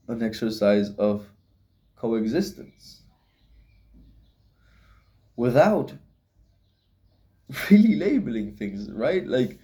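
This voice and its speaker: A man's voice: mid-range voice, mellow. A young man rambling philosophically in a casual solo vlog, swearing often and laughing at himself. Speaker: vlogger.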